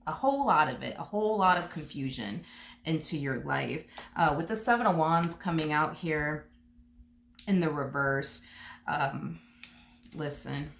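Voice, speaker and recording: Brief: sassy woman tarot reader, low voice, casual chat, roomy echo. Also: a little slow, creaky, slight background noise. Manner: chatty, sassy, full of "um" and "you know". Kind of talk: casual tarot reading monologue.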